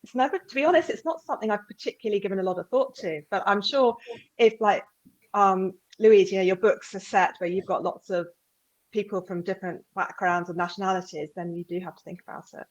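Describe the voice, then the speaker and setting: A woman author speaks over a video call, and the audio sounds dull and lo-fi. She thinks aloud in an easygoing way. Her pitch is medium. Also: a little fast. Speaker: author on a panel. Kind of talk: casual panel discussion.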